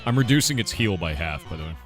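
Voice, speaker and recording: Over music, a man with a low voice talks quickly to his livestream chat; he's a game developer keeping it casual. He's animated, throwing out questions to viewers, musing aloud, and bursting into sudden emphatic exclamations.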